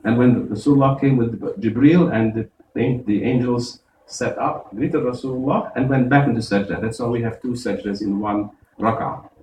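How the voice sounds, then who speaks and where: A man, an imam, giving a Friday sermon, explaining verses step by step and reciting Arabic quickly. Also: medium pitch, warm tone, echoey room, far from the mic, a little hiss or hum, rough recording. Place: mosque prayer hall.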